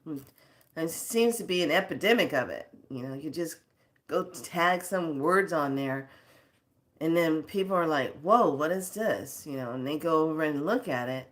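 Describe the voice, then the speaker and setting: A woman with a low-pitched, animated voice, speaking at normal speed, hosts a spiritual video channel. In casual talk she scolds her viewers, wanders off on tangents and laughs between stories.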